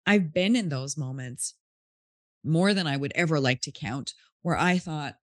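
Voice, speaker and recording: A woman's voice: sits low, measured pace, no room sound, clean studio sound. A woman podcast host telling a story in an earnest, heartfelt, casual way.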